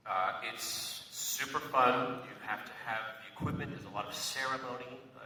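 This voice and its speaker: A man's voice: lowish voice, pushed and bright. A man answering fan questions at a convention in a chatty, playful way, often laughing. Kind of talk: casual live Q&A. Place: large convention hall. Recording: echoey hall, far-off mic, noisy.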